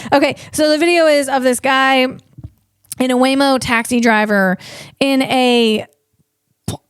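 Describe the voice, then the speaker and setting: A woman comedian hosting a tech podcast, talking in an animated way and tripping over her words. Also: high-pitched, a little slow, smooth, dry recording, studio quality. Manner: animated, stumbling over words, acts out voices.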